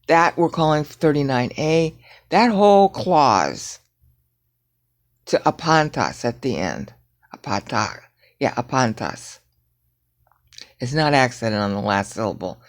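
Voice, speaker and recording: A woman teaching Bible prophecy in a rambling screen-share lecture, often checking in with "okay?" and grumbling at her software. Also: extremely low pitch, expressive, a little slow. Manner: digressive, frequent "okay?" checks, irritated asides at software.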